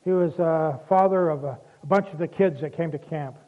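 Male preacher, high voice, conversational folksy sermon, tinny phone-quality recording. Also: fairly quick. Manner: folksy, conversational storytelling with asides.

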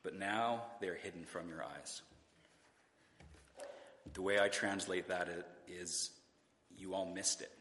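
A man's voice: low-pitched, slow, long pauses, a bit bright, slight background noise. Man preaching in an echoey church. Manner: conversational, rhetorical questions, occasional restarts. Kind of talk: sermon. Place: church sanctuary.

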